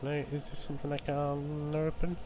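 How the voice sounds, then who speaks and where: A man's voice: fairly high pitch, normal speed, noisy background. Punning Yorkshire man streaming a game. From England. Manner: rambling and pun-loving, with sudden excited yelps. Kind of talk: casual live gameplay commentary.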